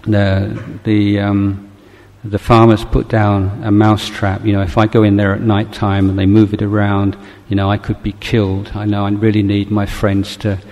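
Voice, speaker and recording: A man's voice: fairly low pitch, monotone, normal speed, a little mellow, long reverb tail, lightly acted. A man voicing a small frightened male mouse who anxiously pleads with his friends for help, in a storybook tale. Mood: pleading.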